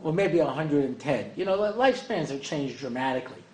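A man's voice: on the high side, animated, a little fast, darkish tone. Older man lecturing in an echoey room. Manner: rambling and joking, heavy on "you know". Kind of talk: evening lecture to an audience. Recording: echoey room, faint ambience.

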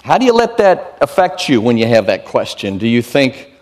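A man preaching a sermon in a slow, deliberate way, his voice climbing high and emphatic on key lines. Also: big pitch swings, darkish tone. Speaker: pastor.

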